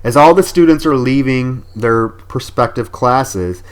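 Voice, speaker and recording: A man in casual podcast chat, walking through a movie's plot in a relaxed, conversational flow. His voice sits at an ordinary middle pitch, and he talks loosely and freely, with the odd curse word. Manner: recaps scenes with quick acted-out quotes, swearing freely. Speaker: podcast co-host. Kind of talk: casual film review chat.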